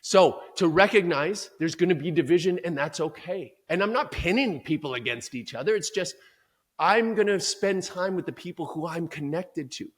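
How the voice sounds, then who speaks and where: Man, fairly high voice, performance coach, emphatic and energetic, motivational interview talk. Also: normal speed, breathy edge.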